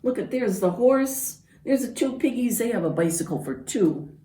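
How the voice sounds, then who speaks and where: A woman's voice: fairly high pitch, expressive, moderate pace, warm tone. A woman librarian reading a picture book aloud to children, pointing out the pictures as she goes. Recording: roomy, from far off.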